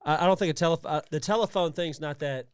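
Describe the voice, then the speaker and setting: Man co-host, casual asides, clear smooth tone, dry close mic. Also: fairly high pitch, quick pace, dry recording. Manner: relaxed, chiming in with asides. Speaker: podcast co-host. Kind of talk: casual chat.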